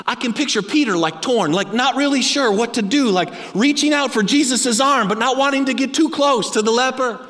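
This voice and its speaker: A male preacher delivers a sermon dramatically, telling it like a story and dropping low and quiet for emphasis. The recording carries a long hall reverb.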